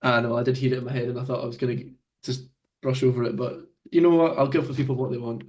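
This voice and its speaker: A man's voice: medium pitch, fairly even intonation, fast talker, a little mellow. A man hosting a casual football podcast, joking around and steering the talk with questions. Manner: jokey, leads the discussion with questions. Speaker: podcast host.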